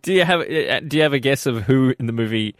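A man hosting a radio quiz segment, teasing his co-host and laughing often. His voice sits at a middle pitch and he talks in easy, chatty banter. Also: fast talker, no echo, clean studio sound.

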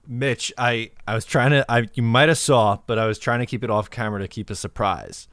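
A man hosting a casual sports podcast, relaxed and conversational, laughing easily. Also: medium pitch, fairly quick, dry recording, clean studio sound. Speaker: podcast host.

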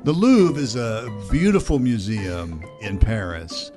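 A man's voice: on the low side, very animated, slow pace, music in the background. A man in his sixties, co-hosting with playful, wry banter. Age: 60s. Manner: wry, playful, savors foreign words. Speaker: radio show co-host. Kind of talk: casual studio banter.

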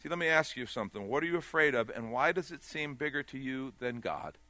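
A man's voice: expressive, a little fast, no room sound. Male pastor, sermon delivery, dynamic swings, dry close-miked sound. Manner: swings between loud urgent peaks and quiet low asides.

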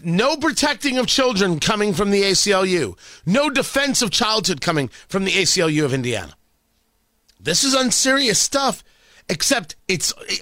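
A man's voice: high voice, bright, forceful tone, dry recording. A man hosting a radio talk show, delivering an emphatic, sarcastic opinion monologue and repeating phrases for effect. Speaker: radio host.

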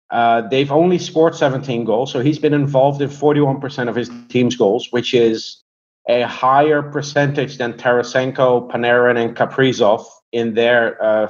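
Male guest, conversational and hesitant, even middle pitch, dull lo-fi recording. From Europe. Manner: hesitant, many fillers and restarts. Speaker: guest, hockey prospects analyst. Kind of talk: casual conversational storytelling and analysis.

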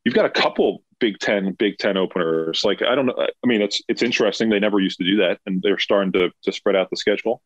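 A man's voice: on the low side, quick pace, few pauses, no room sound. A man co-hosting a podcast in casual chat, emphatic and opinionated. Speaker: podcast co-host. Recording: dull lo-fi dry sound.

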